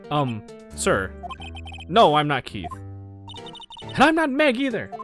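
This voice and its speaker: A woman voicing an earnest young male defense attorney in a lowered, steady, slightly hesitant tone. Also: takes it slowly, faint music behind, exaggerated voice. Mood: pleading.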